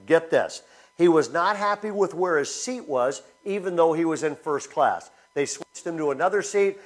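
A man preaching a sermon as pastor, telling stories and asking the congregation questions. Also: fairly high pitch. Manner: storytelling, animated, asks the congregation questions.

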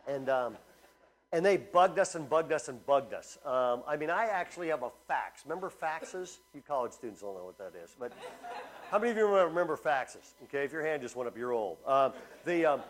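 A middle-aged man, a pastor, preaching a sermon with animated storytelling, full of fillers and restarts. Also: mid-range voice, a little fast, low-quality recording.

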